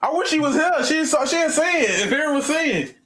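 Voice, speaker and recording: A man's voice: very high voice, expressive, a little fast, a bit bright, reverberant. A man on a casual panel debate, joking and laughing and dodging questions. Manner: joking, laughing, evasive, trolling. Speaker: panel guest.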